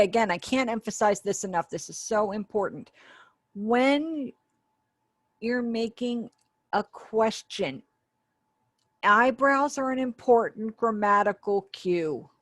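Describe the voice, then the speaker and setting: Here a woman voices a sign language teacher's online lesson as the ASL interpreter for the webinar. She speaks in a mid-range voice at an unhurried pace, and the recording is clean studio sound without echo. Her explanation unfolds step by step, chatty and dotted with little asides.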